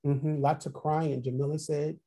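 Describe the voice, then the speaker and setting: A workshop trainer leads an online training webinar by video call, speaking at normal speed in a medium-pitched, dark voice with little pitch movement. The session involves reflective questions, repeated, plus the trainer reading out participants' chat replies.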